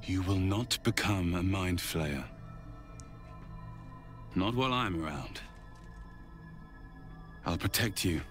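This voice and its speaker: A man's voice: sits low, animated, slow, long pauses. An actor voicing a mysterious, protective young male guardian who speaks earnestly and reassuringly in video game dialogue. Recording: game music behind the voice.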